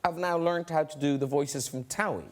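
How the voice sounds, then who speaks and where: A man's voice: on the high side, normal speed. A man hosting a talk show in a TV studio, teasing and questioning guests in casual chat. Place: TV studio with audience.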